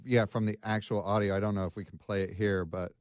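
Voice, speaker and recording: A man hosting a casual podcast chat, recounting a true crime case with many pauses and restarts. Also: on the low side, level tone, darkish tone, no room sound. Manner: hesitant, many fillers and restarts. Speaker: podcast host.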